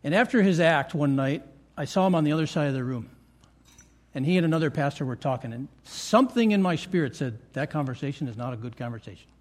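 An older pastor with a voice on the high side preaches to his church in a meeting room, animated and brisk. He's earnest, repeating key phrases for emphasis.

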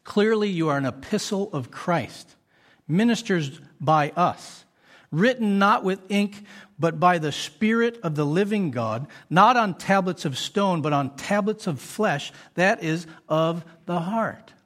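A man's voice: high voice, expressive, a little slow, a bit bright. A man preaching a sermon as a pastor, earnest and full of rhetorical questions to the congregation.

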